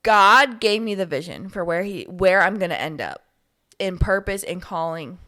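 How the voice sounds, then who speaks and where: A young adult woman, a podcast guest, in casual faith-based chat, telling stories in an animated, heartfelt way. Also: lowish voice, normal speed.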